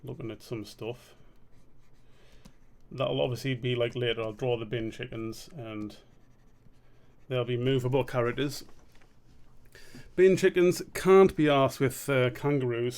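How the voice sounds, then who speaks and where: A man's voice: medium pitch, steady tone, a little slow, long pauses, a bit bright. A man streaming a drawing session, rambling and muttering to himself, swearing freely as he works. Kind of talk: casual live-stream commentary while drawing.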